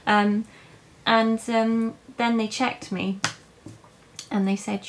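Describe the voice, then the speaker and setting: A woman's voice: on the high side, level tone, slight background noise, low-quality recording. Emotional woman telling her birth story. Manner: emotional, halting with many fillers and restarts. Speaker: vlogger. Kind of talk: personal birth story, casual.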